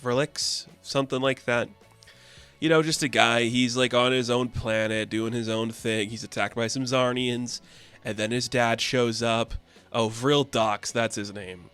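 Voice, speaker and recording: Chill guy recapping a comic, mid pitch, easygoing and offhand, faint music behind. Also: steady tone, unhurried, fairly bright tone, clean tone. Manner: laid-back, offhand, recaps with slangy asides. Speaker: comic book reviewer. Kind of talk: casual comic review.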